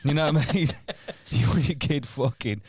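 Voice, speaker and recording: A man's voice: on the high side, moderate pace, noisy background. A man co-hosting a podcast, trading crude jokes in casual banter. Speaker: podcast co-host. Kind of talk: casual chat.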